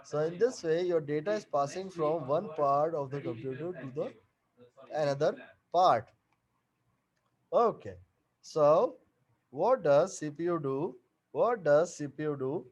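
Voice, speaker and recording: A man's voice: a little high, lively intonation. Man teaching, repeating himself. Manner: repeats each point and question slowly. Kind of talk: online class lecture. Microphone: video call.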